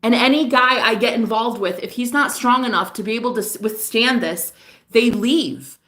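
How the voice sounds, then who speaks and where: A woman's voice: on the high side, moderate pace, fairly bright tone. A young woman vlogging at night, sad and unable to sleep, rambling candidly and swearing as she tells a personal story. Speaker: vlogger and psychic reader. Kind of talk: confessional late-night vlog.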